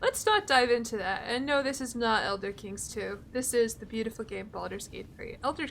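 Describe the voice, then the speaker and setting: A woman's voice: fairly high pitch, lively intonation, brisk, gravelly, slight background noise. A young adult woman streaming a video game, chatting casually with her viewers, laughing often and joking about herself. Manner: laughs often, self-deprecating, reads chat aloud. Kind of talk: casual live-stream chat while gaming.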